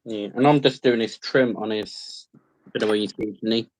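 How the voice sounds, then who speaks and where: A low-voiced, easygoing man in casual hobby chat. His voice sits dry and close, with no room around it, and he muses aloud in short replies. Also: fairly even intonation, normal speed, no echo. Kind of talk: casual chat while model painting.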